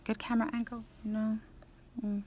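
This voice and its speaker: A woman telling a long personal story in a rambling, animated way, acting out the people she quotes. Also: a little high, normal speed, a little hiss or hum. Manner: restarts and trailing asides. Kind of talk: casual storytelling monologue.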